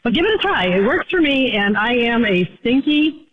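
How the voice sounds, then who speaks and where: A woman's voice: on the high side, sing-song, moderate pace. A woman calling into a radio show, friendly and earnest, chuckling at herself. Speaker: caller. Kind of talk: phone-in chat. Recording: dull phone line with faint noise.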